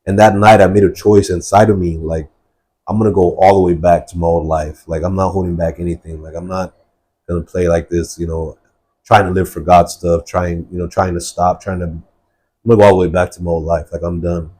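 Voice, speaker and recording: A man with a low, dark voice tells his life story in a podcast interview. He talks earnestly and rambles, with a husky edge and many fillers. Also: little pitch movement, a little fast. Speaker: guest sharing testimony. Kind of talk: personal testimony in a podcast interview.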